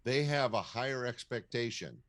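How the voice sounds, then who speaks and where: An older man, a comedy club owner, giving advice in a measured, storytelling interview with frequent fillers. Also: medium pitch, animated, fairly bright tone. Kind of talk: casual interview talk, advising.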